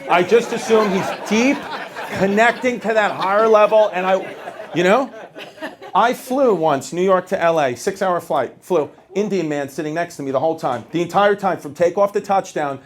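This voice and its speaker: High-voiced, exasperated stand-up comedian. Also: male voice, normal speed. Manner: animated, exasperated storytelling. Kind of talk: stand-up set. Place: comedy club stage. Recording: live stage with crowd laughter.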